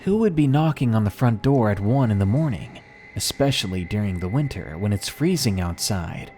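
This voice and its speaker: A man reading submitted horror stories aloud in a measured, somber first-person narration. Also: fairly low pitch, expressive, warm tone, soft background music.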